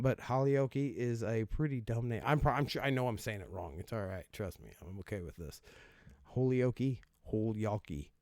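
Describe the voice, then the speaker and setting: Male host, wry profane riffing, laughs often, average pitch, dry booth sound. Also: darkish tone, no room sound. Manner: sarcastic, profane, laughing asides, mock voices. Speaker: host reacting to odd laws. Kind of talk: casual comedic commentary.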